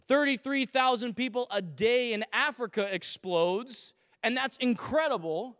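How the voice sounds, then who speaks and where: A man from Canada preaching a sermon as a pastor to his congregation, animated, with humorous asides and acted-out quotes. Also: high voice, big-room sound. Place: church sanctuary.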